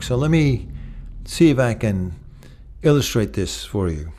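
A man's voice: medium pitch, big pitch swings, unhurried, long pauses, warm tone, slight background noise. A middle-aged male pastor preaching a sermon in a conversational way, telling a personal story and listing words one by one.

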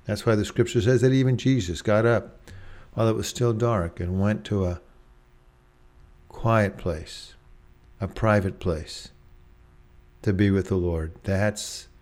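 A man preaching a devotional sermon in a gentle, reflective way, slowing down to stress single words. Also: fairly low pitch.

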